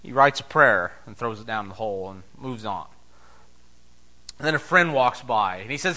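A man preaching a sermon as pastor, emphatic, swinging between loud declarations and soft, low asides. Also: animated, normal speed, long pauses.

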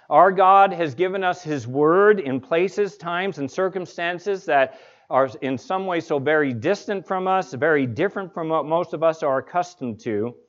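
A man preaching a sermon in a conversational storytelling way, as a pastor. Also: fairly high pitch. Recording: dull lo-fi recording.

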